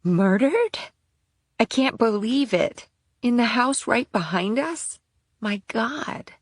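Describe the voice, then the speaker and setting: A trembling young mother, as a man puts her on in a whispered role-play, pitched far up and set back from the mic. She talks in a frantic, worried rush. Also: lively intonation, slow, no room sound, clean studio sound, heavily acted. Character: frightened young mother, anxious woman.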